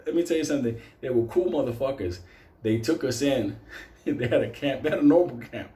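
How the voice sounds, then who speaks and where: A man casually telling a story, animated and swearing constantly. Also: mid-range voice, fairly quick, echoey room.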